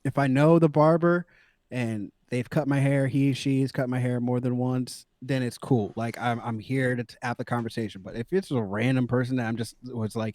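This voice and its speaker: A man from Florida co-hosting a casual comedy podcast, relaxed and quick to laugh as he riffs along. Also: mid-range voice, no room sound, studio quality. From Florida, United States. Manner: laid-back, laughs often, riffs on the other man's jokes. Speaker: podcast co-host.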